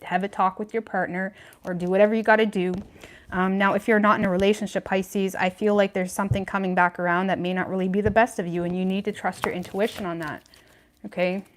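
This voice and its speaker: A woman with a medium-pitched voice gives a casual tarot reading on a livestream. Chatty and frank, she leans heavily on "like" and "you know what I mean" and laughs between points.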